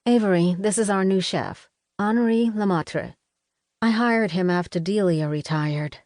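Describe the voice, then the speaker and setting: A woman's voice: medium pitch, a little slow, darkish tone, no echo, studio quality, natural voice. A woman reading a chatty, cheerful mother in a storybook.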